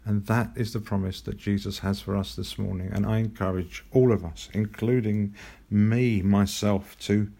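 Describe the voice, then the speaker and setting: Gravelly low-voiced preacher. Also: male voice, steady tone. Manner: earnest, gentle, with frequent restarts and emphatic pauses. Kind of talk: sermon.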